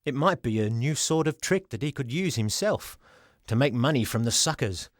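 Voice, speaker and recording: Brief: male storybook narrator, animated intonation, dry close recording. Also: medium pitch, normal speed, no room sound. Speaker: audiobook reader.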